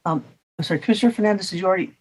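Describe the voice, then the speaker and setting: A woman chairing a public commission meeting, polite and measured, with frequent fillers. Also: fairly low pitch, darkish tone, breathy edge.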